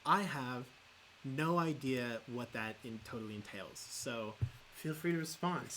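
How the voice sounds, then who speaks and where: A man's voice: mid-range voice, a bit bright, a little hiss or hum. A man co-hosting a gaming podcast in casual chat, joking and laughing a lot. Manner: joking, quick to laugh, puts on silly voices. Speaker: podcast co-host.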